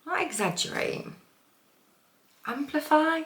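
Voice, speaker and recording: Bright, chatty woman in an echoey room. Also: high voice, lively intonation, slow. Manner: chatty, swears freely, laughs at herself. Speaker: manifestation coach. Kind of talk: casual vlog talk. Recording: roomy echo.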